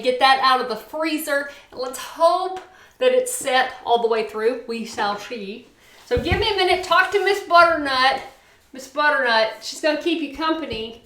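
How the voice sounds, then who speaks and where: A woman's voice: sits high, pushed and bright, echoey room. A woman hosting a casual cooking vlog, gushing and sing-song as she talks to viewers from her home kitchen. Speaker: cooking show host.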